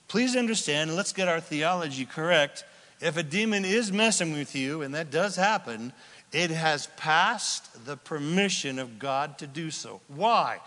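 A man preaching a sermon in a conversational, animated way, now and then acting out little voices. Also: high voice, big-room sound. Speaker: pastor.

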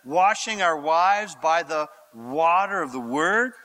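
A man's voice: a little high, slow pace. A male pastor giving a conversational, theatrical sermon. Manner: animated, theatrical, conversational preaching.

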